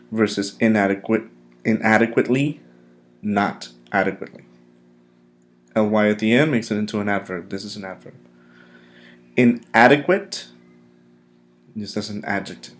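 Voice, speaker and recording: A man teaching a recorded English vocabulary lesson, drilling pronunciation with clear, emphatic repetition. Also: on the low side.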